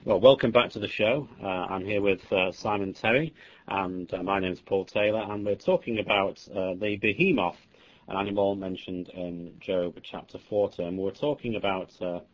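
A man's voice: sits low, moderate pace, dull audio. A man hosting a religious podcast, speaking hesitantly with many fillers in a casual tone. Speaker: podcast host.

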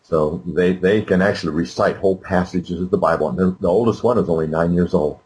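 A man's voice: sits low, fairly quick, darkish tone, rough recording. An older man, a guest speaker, answering interview questions in an earnest, emphatic way. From United States.

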